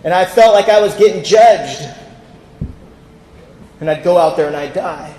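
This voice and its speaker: High-voiced guy from california telling his recovery story, roomy hall echo, talking straight to the crowd. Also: moderate pace, warm tone, a little hiss or hum. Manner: candid storytelling, acts out quoted voices. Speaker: recovery speaker. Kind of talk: personal recovery talk at a convention. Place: large convention hall. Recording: echoey hall with long reverb.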